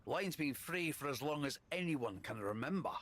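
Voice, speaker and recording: A man's voice: a little high, lively intonation, moderate pace, fairly bright tone. An actor voicing a guarded, earnest man in a video game. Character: guarded regular man talking about a phone line.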